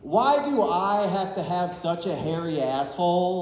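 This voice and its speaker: A man in his thirties from Ohio, performing a stand-up set with deadpan, self-deprecating punchlines. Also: sits high, a little slow, slight background noise. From Ohio, USA. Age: 30s. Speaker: stand-up comedian. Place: comedy club stage. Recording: very roomy, long reverb of a club.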